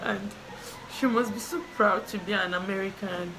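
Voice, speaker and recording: A woman's voice: mid-range voice, moderate pace, music in the background, low-quality recording. A woman from Nigeria hosts a reaction video, teary and emotional, rambling and repeating herself as she talks. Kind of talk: casual reaction commentary.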